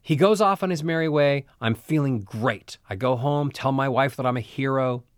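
A man's voice: mid-range voice, normal speed, no room sound, studio quality. A man teaching voice technique in an audio lesson, telling a story in an earnest, motivational way. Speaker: voice coach.

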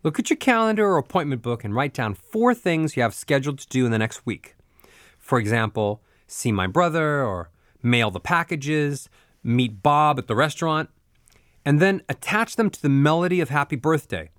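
A man coaching voice exercises, talking the listener through each drill and then demonstrating it. His voice sits a bit higher than most men's. The recording is close and dry, with no room sound. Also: very animated, normal speed, fairly bright tone, no room sound. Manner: demonstrative, sings and mimics examples. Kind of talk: instructional narration.

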